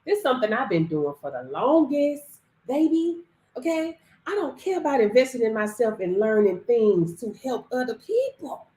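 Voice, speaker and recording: Lively high-voiced woman coach on a live stream. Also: moderate pace. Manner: animated and slangy, laughs often. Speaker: business credit coach. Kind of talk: live stream talk to viewers. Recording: roomy echo.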